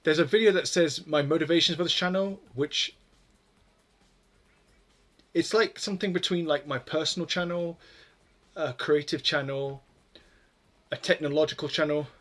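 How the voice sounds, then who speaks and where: His voice is slightly high and a bit bright, with fairly even intonation, a moderate pace, and long pauses. Coding live on stream, he rambles loosely, curses freely, and puts himself down in jest.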